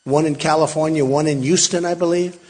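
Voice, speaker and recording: A man's voice: on the high side, fairly even intonation, brisk, darkish tone. A man in his sixties, a political candidate giving a rambling, emphatic campaign rally speech with many repetitions and asides to the crowd. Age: 60s. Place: large hall. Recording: long hall reverb.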